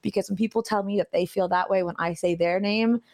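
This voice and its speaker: A woman streamer telling a story in a casual interview, animated and laughing often. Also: medium pitch, brisk. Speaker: streamer guest.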